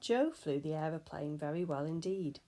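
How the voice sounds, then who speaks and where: Low-voiced woman reading a story. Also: expressive, normal speed, warm tone. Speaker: storybook reader. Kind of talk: reading a children's novel aloud.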